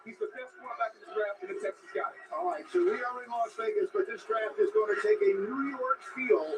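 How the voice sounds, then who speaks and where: A man announcing in a measured broadcast manner, heard off a TV. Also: very high-pitched, expressive, background noise. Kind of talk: TV broadcast commentary.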